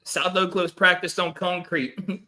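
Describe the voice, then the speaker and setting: A man tosses out jokes in loose banter with his co-hosts. His voice is bright and sharp, with a slightly raised pitch. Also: level tone, normal speed. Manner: joking, playful banter. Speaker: podcast co-host. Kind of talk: casual chat.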